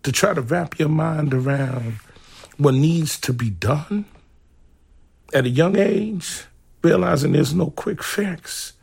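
A man reflecting in an interview, slow and searching for words with many pauses. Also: a little high, vocal fry, darkish tone, breathy edge.

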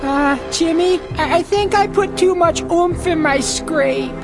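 A woman's voice: very high voice, unhurried, music in the background. A woman voicing a timid, anxious boy sidekick in a cartoon. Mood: nervous. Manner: nervous, hesitant, whiny. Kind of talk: cartoon voice acting.

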